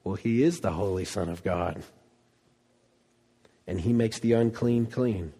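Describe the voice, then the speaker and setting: A man preaching a sermon as pastor, animated, acting out quoted voices and dropping from loud bursts to hushed lines. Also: lowish voice, unhurried, breathy edge. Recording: long reverb of a large hall.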